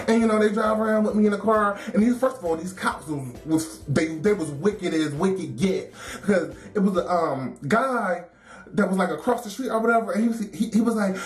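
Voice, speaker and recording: A woman telling a story in a casual, animated, wry way, laughing often. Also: mid-range voice. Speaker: storyteller in a documentary. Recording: roomy echo with faint music.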